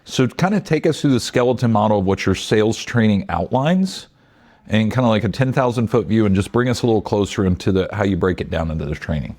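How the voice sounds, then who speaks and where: A man's voice: lowish voice, lively intonation, fast, a little mellow. A man co-hosting a podcast, talking loosely and laughing easily. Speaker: podcast co-host. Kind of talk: casual podcast conversation.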